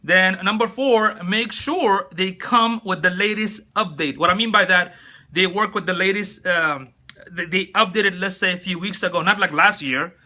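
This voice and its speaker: A man's voice: high voice, normal speed, bright, forceful tone. A chatty, upbeat man hosting a casual live-stream tutorial on his phone, greeting viewers by name as he talks. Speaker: live-stream host giving tips.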